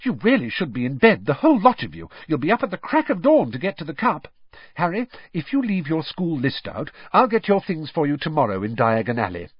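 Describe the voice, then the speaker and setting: A man voicing a bossy, doting middle-aged mother who scolds briskly. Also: on the high side, very animated, breathy edge, no room sound, pitched above the performer's own voice. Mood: fussing. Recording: dull lo-fi recording.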